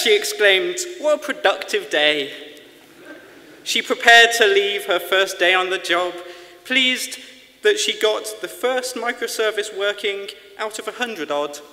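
A man's voice: high-pitched, sharp tone, a little hiss or hum. A man reading a short rhyming story during a conference lightning talk, with some hesitant fillers. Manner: rhythmic read-aloud, hesitant fillers at the close. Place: large conference hall. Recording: long reverb of a conference hall.

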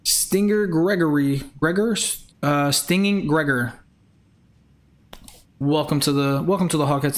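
A man's voice: on the high side, slight background noise. A young man hosting a live game stream in casual chat, greeting viewers by name and firmly repeating himself.

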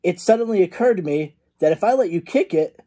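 A man's voice: high-pitched, lively intonation, a little fast, dark tone, pitched above the performer's own voice. A man voicing a bossy, scheming young girl in a storybook reading, with a teasing sing-song manner.

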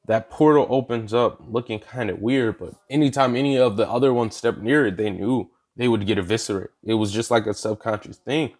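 A man's voice: fairly low pitch, fairly quick, hardly any pauses, darkish tone. A man casually narrating a fan story as a channel host, in a loose, slangy way with fillers and the odd swear word.

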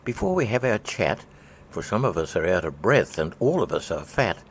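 A man's voice: deep voice, sing-song, normal speed, a little hiss or hum. A man voicing naive, fretful, chubby young oysters in a storybook reading.

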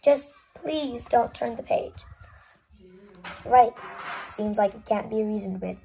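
Woman reading a storybook dramatically, gravelly edge. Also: fairly high pitch, takes it slowly, warm tone, faint music behind, rough recording. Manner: dramatic, swings between pleading and exasperated. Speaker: storybook reader. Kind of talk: expressive children's book reading.

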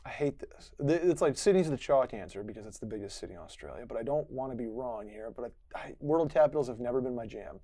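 A man talks his way through a quiz question, rambling as he reasons out loud. His pitch sits in the middle and the recording is dry and close. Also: animated, quick pace, no room sound. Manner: rambling, thinking aloud. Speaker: quiz contestant. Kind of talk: casual chat.

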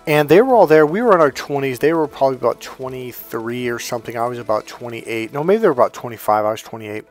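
A man casually telling personal stories to camera, animated and rambling, laughing as he goes. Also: mid-range voice, fast, faint music behind. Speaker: spiritual coach and video host. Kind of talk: casual storytelling monologue.

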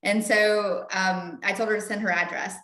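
Lady leading bible study, lively storyteller, roomy echo. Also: medium pitch, moderate pace. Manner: animated, acts out quoted voices. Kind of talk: casual storytelling. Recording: echoey room.

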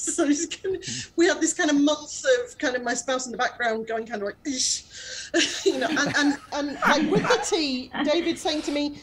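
A woman with a somewhat high voice talks casually over a video call. She laughs often and keeps restarting her sentences as she talks. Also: moderate pace, slight background noise, poor audio. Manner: chatty, laughing, lots of fillers and restarts. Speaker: actor in the radio play.

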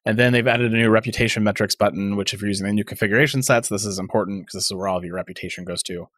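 A man's voice: fairly low pitch, fairly even intonation, racing, fairly bright tone, no echo, clean studio sound. A man co-hosting a casual tech podcast, sarcastic and rambling as he thinks aloud. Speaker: podcast co-host.

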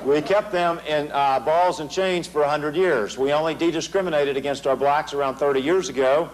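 A man's voice: a little high, normal speed, rough recording. A middle-aged American man giving a political lecture to a large audience, emphatic and sarcastic, driving points home with repeated phrases. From United States. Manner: emphatic, sarcastic, rhetorical repetition. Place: large hall before an audience.

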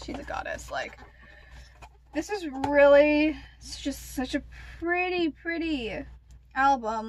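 A young woman vlogger with a high voice chats casually through an unboxing. She gushes excitably, full of gasps and fillers.

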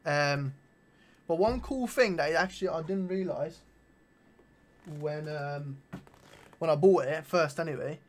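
High-voiced slangy young man. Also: unhurried, pauses often. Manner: animated slangy banter with frequent swearing. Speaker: vlogger. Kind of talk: casual chat showing his shoe collection.

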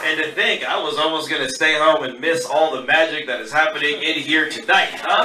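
A man doing a stand-up comedy set at an open mic, animated and riffing on the crowd. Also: a little high, normal speed. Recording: roomy club, far mic, loud crowd. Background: crowd laughter and noise.

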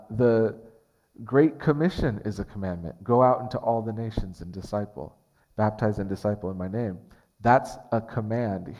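Man, pastor, sermon, earnest conversational preaching, fairly low voice, long church reverb. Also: a little mellow. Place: church sanctuary.

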